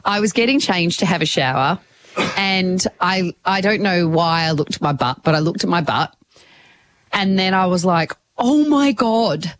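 A woman's voice: fairly low pitch, moderate pace, fairly bright tone. A young woman co-hosting a radio show, chatting casually with bursts of giggling and embarrassment. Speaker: radio co-host. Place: radio studio. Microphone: studio microphone.

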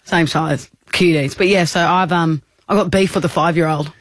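A young woman co-hosting a radio show, telling a story in lively casual chat and acting out the voices. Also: fairly low pitch, moderate pace, no room sound. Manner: animated storyteller, acts out voices, laughs often. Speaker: radio co-host. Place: radio studio. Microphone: studio microphone.

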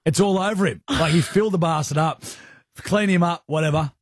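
A man with an Australian accent, co-hosting a radio show and telling a lively story, acting out voices and sounds as he goes. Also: on the high side, moderate pace, dry recording, clean studio sound. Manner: animated storyteller who acts out voices and sounds. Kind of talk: casual banter, telling a story.

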